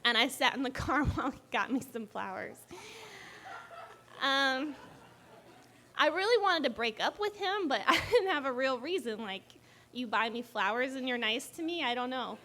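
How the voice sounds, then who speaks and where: A young woman telling a personal story live, animated and often laughing as she talks. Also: high voice, normal speed, a little hiss or hum.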